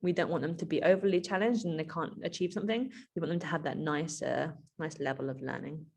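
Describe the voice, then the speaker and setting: A woman presenting a keynote in a relaxed, conversational way. Her voice sits a bit low, and she talks in an animated style, full of asides and fillers. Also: fast. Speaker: educator giving a keynote.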